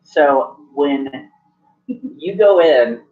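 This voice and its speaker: A man's voice: a little high, animated, extremely slow. A man running a tabletop game as game master, narrating in a rambling way. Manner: rambling, many restarts and fillers. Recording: muffled lo-fi recording.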